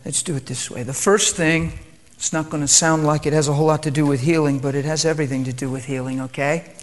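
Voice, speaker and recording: Soft-spoken, reverent, higher-voiced male preacher. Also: fast talker. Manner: subdued, calm and quiet; reverent, prayerful. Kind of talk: sermon with prayer.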